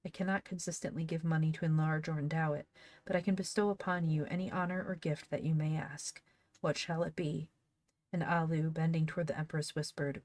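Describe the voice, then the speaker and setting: A woman's voice: low voice, fairly even intonation, fairly quick, darkish tone, no echo. A woman reading an old storybook aloud, now and then breaking off to laugh and comment on it. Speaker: reader of an old book. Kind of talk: casual read-aloud with asides.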